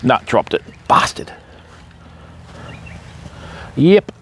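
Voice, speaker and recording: A man's voice: drawn-out words, fairly bright tone, slight background noise. An Australian man chatting on a live fishing stream, talking to his viewers and to dogs outdoors by the water. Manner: chatty, calls dogs in a high sing-song voice.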